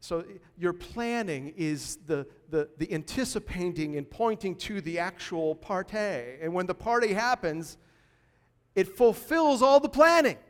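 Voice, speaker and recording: A man pastor delivering a sermon in a lively, conversational way, punctuated by sudden emphatic bursts. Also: high-pitched, a little slow, clean tone, long reverb tail.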